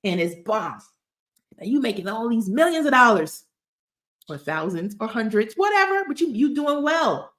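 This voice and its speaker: A woman's voice: a little high, very animated, normal speed, a bit bright. A woman talks through business advice in a casual, chatty way. She is emphatic and loves a storytelling aside, leaning on key points to drive them home. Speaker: tax resolution expert. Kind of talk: casual advice talk to camera.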